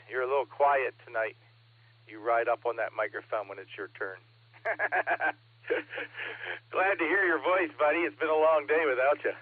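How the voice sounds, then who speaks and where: A man's voice: medium pitch, no echo. A man running a ham radio net as net control, chatting casually and reading out call signs. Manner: chatty, laughs often, reads call signs. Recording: radio transmission, narrow band.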